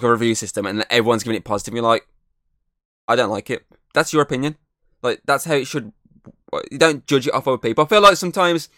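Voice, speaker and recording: A man's voice: mid-range voice, fairly bright tone, no room sound, clean studio sound. A man co-hosting a podcast, talking in a loose, rambling way that is full of fillers and swearing. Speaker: podcast co-host. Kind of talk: casual chat.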